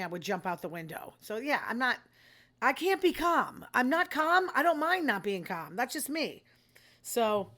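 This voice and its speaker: An older woman talks through a casual monologue, blunt and self-deprecating. She wanders from one thought to the next. Her voice has a bright, forceful edge. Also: mid-range voice. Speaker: host.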